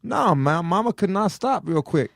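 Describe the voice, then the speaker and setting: A man's voice: sits high, animated, normal speed, creaky, no echo, studio quality. A man, co-hosting a comedy podcast, telling a story in a repetitive, exasperated, drawling way. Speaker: podcast co-host.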